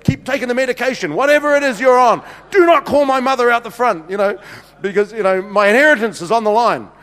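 A man's voice: very high voice, fast, fairly bright tone. A man preaching a sermon, telling funny stories in a chatty way with many restarts and fillers. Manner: chatty, jokey, many restarts and "you know"s. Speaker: pastor. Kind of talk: humorous sermon storytelling. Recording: reverberant hall.

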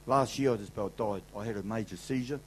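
A man's voice: fairly low pitch, fast, slight background noise, rough recording. A middle-aged man with a New Zealand accent, giving an emphatic, colloquial sermon testimony to a convention crowd. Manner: emphatic, colloquial, swings loud and soft. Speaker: convention speaker.

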